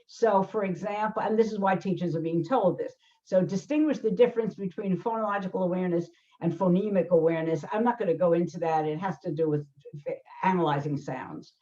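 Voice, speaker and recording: A woman's voice: fairly low pitch, fairly quick, dark tone. Emphatic older woman explaining, lo-fi sound. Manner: emphatic, acts out quoted voices, frequent fillers and restarts. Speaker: learning specialist host. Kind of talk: explanatory conversation. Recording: dull lo-fi sound.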